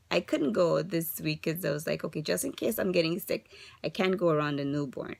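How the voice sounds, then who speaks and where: Woman, thirties, low husky-fry voice, upset but composed, confessional vlog. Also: expressive, normal speed, dry recording. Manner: frustrated, rambling, rhetorical questions. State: upset, holding herself together. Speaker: vlogger sharing a fertility journey update.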